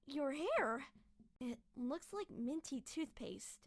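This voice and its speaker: A woman voicing a clumsy, excitable schoolgirl heroine from a dating game, speaking in a bubbly, dramatic way. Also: sits high, slow pace, dry recording, heavily acted. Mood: chatty. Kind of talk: reading an otome game aloud.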